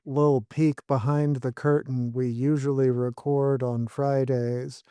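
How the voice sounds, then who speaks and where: Guy cohosting a podcast, talks slow and dry, smooth voice. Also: medium pitch, little pitch movement, dark tone, dry recording. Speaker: podcast co-host. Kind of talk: casual podcast chat and episode recap.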